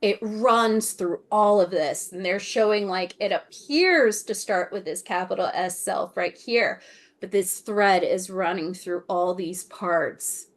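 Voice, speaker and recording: Slow, searching woman channeling on a video call. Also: mid-range voice. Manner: repeats phrases, trailing off to a whisper; halting, searching for words, laughs often. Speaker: Akashic Records channeler. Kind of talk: channeling in a group video meeting.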